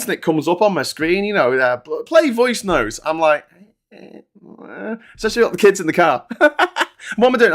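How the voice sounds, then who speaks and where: Guy hosting a sweary ranty live chat, voice a bit on the high side. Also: a bit bright. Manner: sweary, ranting, jokey. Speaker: host. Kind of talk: casual live-stream chat reading comments.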